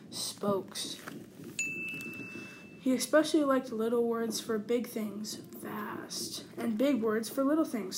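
Children's book reader, female, slightly high, clear and deliberate; noisy home recording. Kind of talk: storybook read-aloud.

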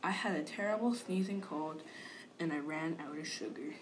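A woman's voice: sits low, normal speed, noisy background, lightly acted. A woman reading aloud as a male wolf narrator, telling his side of the story in an aggrieved, confiding manner. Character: wolf, male, self-pitying and sly.

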